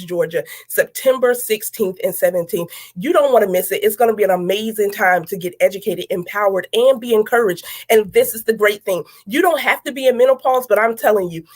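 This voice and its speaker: Emphatic woman hosting. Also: medium pitch. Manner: emphatic and encouraging, with repeated phrases. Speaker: host. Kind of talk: energetic talk show hosting.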